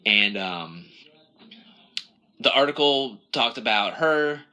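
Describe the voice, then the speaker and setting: Bright-voiced man rambling casually. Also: mid-range voice, lively intonation, slow. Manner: rambling, self-correcting, acts out quotes. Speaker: podcast co-host. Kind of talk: casual chat.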